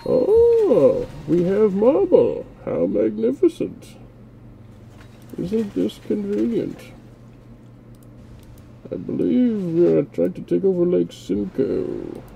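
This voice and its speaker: A man voicing a pompous, mock-grand noble in a high, sing-song falsetto. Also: very animated, slow pace, creaky, pauses often, highs cut off, slight background noise, heavily acted. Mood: haughty.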